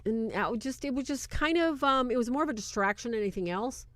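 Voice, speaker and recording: A woman hosting a casual movie review, talking in an animated, incredulous way and often breaking into laughter. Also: on the high side, fast talker, no room sound. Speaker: video host.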